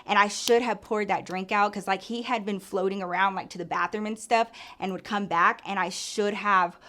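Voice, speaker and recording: A woman's voice: mid-range voice, steady tone, normal speed, pushed and bright. A young adult woman telling a story from her own life in a casual storytime, chatty and profane, leaning hard on "like". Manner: chatty and profane, heavy use of "like". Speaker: storyteller vlogger.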